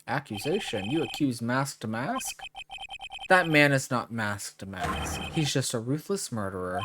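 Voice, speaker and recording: A man's voice: mid-range voice, lively intonation, unhurried, over music, lightly acted. A man reading as a pompous clueless judge. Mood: indignant. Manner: reads the lines plainly aloud. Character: pompous, clueless middle-aged male judge.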